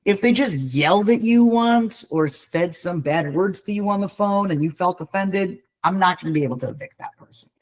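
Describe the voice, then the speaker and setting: A man's voice: sits high, moderate pace, hardly any pauses, rough recording. A man, an eviction attorney, speaking on a video call in a blunt, wry, conversational way during a training webinar.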